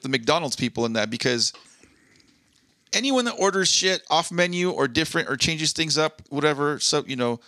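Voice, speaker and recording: A man's voice: a little high, lively intonation, moderate pace, pushed and bright, dry recording. A man co-hosting a casual podcast, reading news articles aloud and giving blunt, profane opinions. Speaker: podcast co-host.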